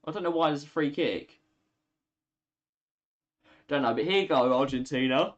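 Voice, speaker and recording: A man's voice: a little high, moderate pace, dull audio. A tired young man, chatting through live football commentary on a stream and talking to his chat. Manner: chatty, reacts to play, talks to chat. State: tired, yawning. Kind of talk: live watch-along commentary.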